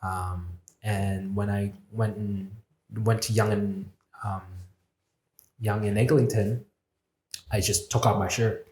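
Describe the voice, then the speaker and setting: A man's voice: lowish voice, little pitch movement, takes it slowly, darkish tone. A man, a podcast guest, telling a candid personal story in a reflective way, swearing freely and acting out his own inner voices. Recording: roomy echo.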